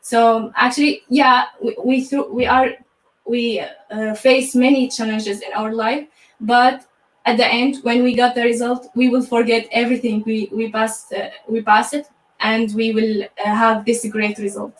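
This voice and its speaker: A woman from Syria, a university graduate, speaking in a halting way with many restarts in a live online interview. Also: a little high, level tone, roomy sound, recorded from a distance, rough recording. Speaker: graduate guest.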